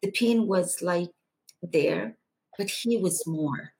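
A woman guest on a podcast, earnestly recounting a personal testimony and going hushed for the quieter moments. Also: on the low side, slow pace, creaky, breathy edge.

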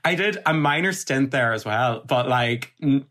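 A man's voice: mid-range voice, lively intonation, moderate pace, fairly bright tone. A young man hosting a casual podcast, rambling with lots of fillers, swearing and laughing. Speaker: podcast host. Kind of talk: casual chat.

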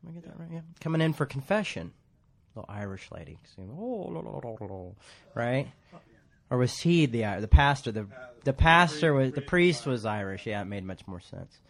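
A man's voice: medium pitch, very animated, normal speed, gravelly, fairly bright tone. Guy preaching in church, rambly and jokey, keeps laughing at himself. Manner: rambling, self-deprecating, laughs often. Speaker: pastor. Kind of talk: casual conversational sermon.

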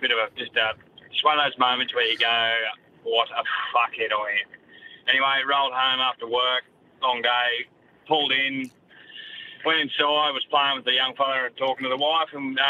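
A man's voice: mid-range voice, flat delivery, moderate pace, sharp tone. An Australian man calling in with a voice message, telling a blunt, swearing story about his own blunder. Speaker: caller. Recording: dull lo-fi voice message with faint noise.

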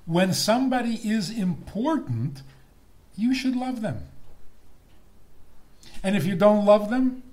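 Slow, lively man giving a humorous lecture. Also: high voice. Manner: playful, chuckles at his own jokes. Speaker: lecturer on marriage.

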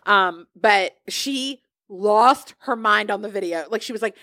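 Woman podcast co-host, mid pitch, lively storytelling, dry close mic. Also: moderate pace, hardly any pauses, no room sound. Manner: animated, chatty storyteller. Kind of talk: casual pop-culture chat.

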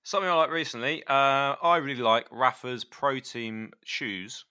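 A man co-hosting a podcast, telling stories in a lively way and laughing often. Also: mid-range voice, moderate pace, clean tone, no room sound, clean studio sound. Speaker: podcast co-host. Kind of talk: casual podcast chat.

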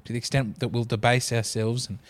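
A man's voice: mid-range voice, little pitch movement, fairly quick. A man co-hosting a comedy podcast, chatting casually and rambling through tangents. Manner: rambling, reads quotes in put-on voices. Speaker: podcast co-host.

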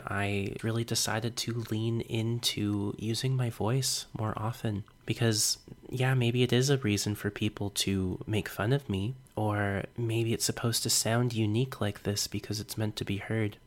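A young man hosts his podcast and tells a personal story in a reflective, earnest manner, now and then with a small self-conscious laugh. His voice sits a little low for a man. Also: steady tone, normal speed. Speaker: podcast host.

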